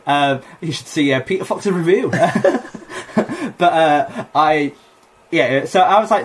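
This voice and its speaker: A man's voice: fairly high pitch, moderate pace. A young man, a comedian and podcast co-host, telling a rambling story with lots of fillers and laughter in casual chat.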